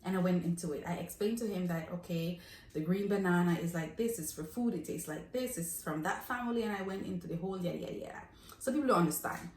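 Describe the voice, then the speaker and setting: A woman's voice: fairly low pitch, quick pace, a little mellow. A young woman from Jamaica with a Jamaican accent, chatting animatedly on a vlog and laughing as she reminisces. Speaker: vlogger. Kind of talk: casual chat. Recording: echoey room, faint noise.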